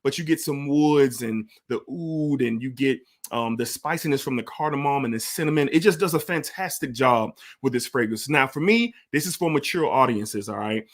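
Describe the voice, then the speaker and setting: Man, mid-pitched voice, guest reviewer, emphatic, enthusiastic, casual. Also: normal speed, hardly any pauses. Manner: enthusiastic, emphatic, repeats points.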